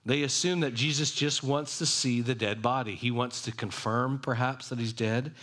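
A man's voice: medium pitch, fairly even intonation, normal speed, a bit bright. A man preaching a sermon, reading a passage aloud and explaining it in a conversational way. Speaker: pastor.

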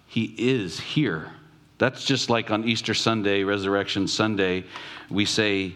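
A man preaching a sermon, reflective, asking questions aloud and slowing down to stress key words. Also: fairly low pitch, steady tone, a bit bright. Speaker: pastor.

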